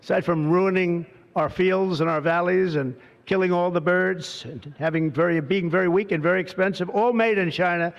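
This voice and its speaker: A man's voice: high-pitched, steady tone, normal speed, dull audio. Older man rambling, boastful, echoing hall. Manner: boastful, digressive, heavy superlatives. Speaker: president giving a speech. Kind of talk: rambling off-the-cuff political speech. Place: large hall at a signing event. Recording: reverberant hall.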